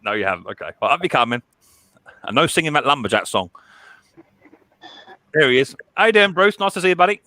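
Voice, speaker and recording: A chatty man in his thirties hosting a relaxed livestream. His voice is bright and fairly high, recorded dry and close. He rambles, repeats his words and laughs often. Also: quick pace, pauses often, no room sound. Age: 30s. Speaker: livestream host. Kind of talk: casual livestream chat.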